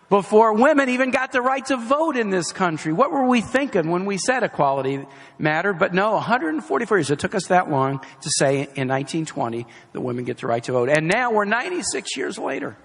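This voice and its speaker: A man's voice: sits high, big pitch swings, normal speed, a bit bright, in a large hall. A middle-aged man giving a campaign rally speech, emphatic, repeating key phrases for effect. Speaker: political campaign speaker. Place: outdoor or hall campaign rally with a crowd. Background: faint crowd.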